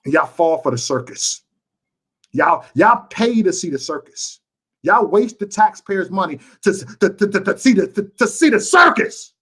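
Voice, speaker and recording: Man, fired-up livestream rant, higher-pitched voice, hammers points over and over. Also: animated, normal speed, breathy edge. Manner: impassioned, repetitive, emphatic. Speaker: YouTube livestreamer. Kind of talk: ranting livestream to chat.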